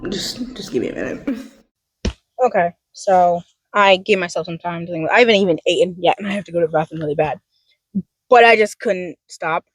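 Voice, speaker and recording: A woman's voice: lowish voice, fairly quick, dry recording. A young woman from the United States vlogging a heated, profane political rant at her school, fighting back tears. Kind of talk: emotional political rant to camera.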